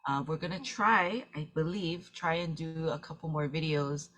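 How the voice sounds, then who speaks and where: A woman hosts an online gathering while teary-eyed. Her voice is very low, and she talks haltingly with lots of "um"s. She is on a video call. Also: steady tone, a bit bright. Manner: halting, with many fillers. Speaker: host. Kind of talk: casual online gathering hosting.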